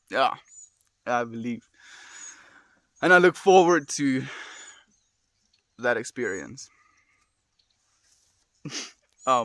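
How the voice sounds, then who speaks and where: With a mid-range, slightly bright voice and no room sound, a young man talks casually to his stream audience. He's sincere and heartfelt, rambling along with frequent sighs and lots of "dude".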